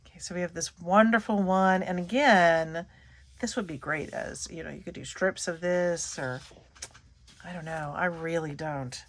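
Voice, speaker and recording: A middle-aged woman talks casually through a haul of scrapbook paper, gushing over each sheet. Her voice sits a little low, and she often trails off mid-sentence and starts again. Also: fairly bright tone, slight background noise. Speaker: scrapbooking channel host. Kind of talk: casual show-and-tell chat.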